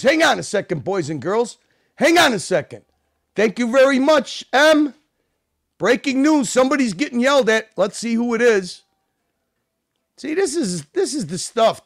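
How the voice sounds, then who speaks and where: A man hosting a casual livestream, loud, profane and repetitive as he reacts to clips. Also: sits high, sing-song, moderate pace, no room sound, clean studio sound. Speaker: livestream host.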